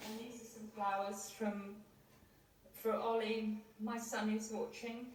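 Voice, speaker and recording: Middle-aged woman, halting eulogy, distant in a very echoey chapel. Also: on the high side, level tone, a little hiss or hum. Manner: hesitant, many fillers and restarts. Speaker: daughter giving a eulogy. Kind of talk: emotional eulogy, partly unscripted. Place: crematorium chapel. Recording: echoey hall, distant mic, faint ambience.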